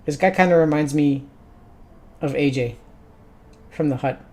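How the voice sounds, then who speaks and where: A man's voice: on the high side, a little slow, darkish tone. A man streaming a video game, chatting casually and jokingly while swearing freely. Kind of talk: gaming livestream commentary.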